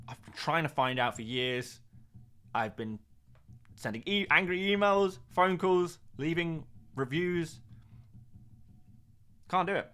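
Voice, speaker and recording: A man's voice: on the high side, unhurried, a bit bright, smooth. Chatty man answering live-stream viewers. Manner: reads out viewer comments and chats back jokily; chatty, with frequent fillers and laughs. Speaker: fantasy football streamer. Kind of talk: casual live-stream chat.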